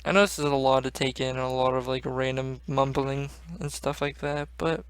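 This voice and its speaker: A man's voice: mid-range voice, little pitch movement, moderate pace, clean tone, no echo. A young man hosting a gaming channel, rambling casually and swearing often. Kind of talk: casual gaming vlog chat.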